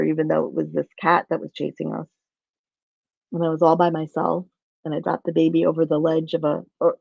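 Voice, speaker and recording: A woman speaks in a gravelly, mellow voice, telling her story in a rambling way full of restarts. The sound is dry and muffled, like a lo-fi video call. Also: low voice, no room sound. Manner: rambling, retells dialogue with many restarts. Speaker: guest. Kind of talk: personal storytelling in conversation.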